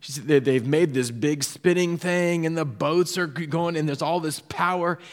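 A man from Southern California preaching a sermon, telling personal stories and often dropping to a soft hush to drive a point home. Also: a little high, moderate pace. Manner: storytelling, drops to a soft hush for emphasis. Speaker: pastor. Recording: echoey hall reverb.

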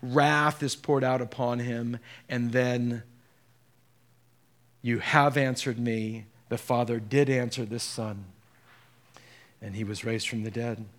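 A man's voice: medium pitch, steady tone, measured pace. Earnest man preaching a sermon. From Southern California. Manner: earnest, building to impassioned peaks. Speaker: pastor.

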